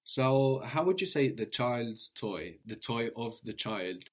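Man, patient tutor in a one-on-one language lesson, mid voice, slow model phrases. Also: medium pitch, lively intonation. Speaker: language teacher.

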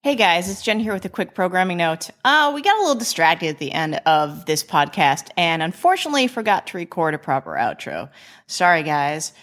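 A woman's voice: lowish voice, very animated, fairly quick, a bit bright. Profane, enthusiastic woman podcast co-host. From Chicago, USA. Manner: profane, enthusiastic, restarts often. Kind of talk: casual chat.

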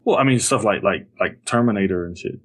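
A man's voice: fairly low pitch, a little fast. A man in a casual podcast chat, laid-back and a little hesitant, often restarting words.

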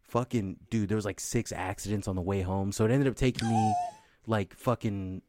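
A man's voice: lowish voice, steady tone, moderate pace, a little mellow, no room sound. A young man telling a rambling, profane story in casual chat, full of "like" and swearing. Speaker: podcast co-host telling a story.

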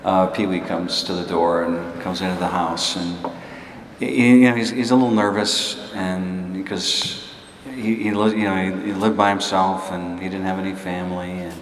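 Deep-voiced man preaching in an echoey hall. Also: fairly even intonation. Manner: conversational, halting, self-deprecating storyteller. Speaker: pastor. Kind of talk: sermon with personal story. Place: church hall before a laughing congregation. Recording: echoey hall, distant room noise.

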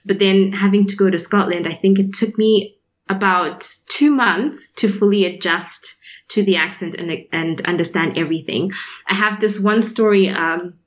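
A woman recounting experiences in casual conversation, animated, acting out quoted lines and laughing often. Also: mid-range voice, normal speed. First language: grew up speaking English in a former British colony. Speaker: interview guest.

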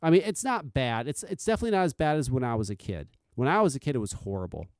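Man, podcast host, casual solo rant, profane, blunt, animated pitch, dry close sound. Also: fast talker, no echo. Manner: blunt and profane, swings between loud insistence and quiet confiding.

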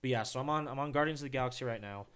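A man co-hosting a podcast, chatting casually with a smooth, clean-sounding voice. He rambles, restarts his sentences and drops the odd swear word. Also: mid-range voice, rapid-fire, fairly bright tone. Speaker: podcast co-host. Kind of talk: casual chat.

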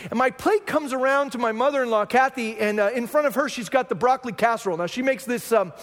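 A high-voiced man preaches, weaving a self-deprecating family story into his sermon. His voice rings with a long reverb, as in a big hall. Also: fast, a bit bright. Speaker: pastor.

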